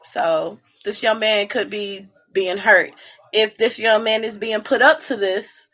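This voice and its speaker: A woman hosting a casual livestream while drinking, sassy and animated as she talks back to the chat from home. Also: medium pitch, unhurried. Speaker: livestream host.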